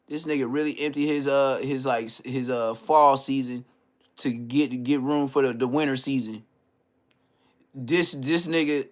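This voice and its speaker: A man in a middle register rants through a comedic roast on his podcast. He talks in heavy slang and mocks his targets with open contempt. His voice jumps from loud, indignant outbursts to low, dismissive mutters. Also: fairly even intonation, a little slow. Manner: trash-talking, heavy slang, mocking. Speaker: podcast host.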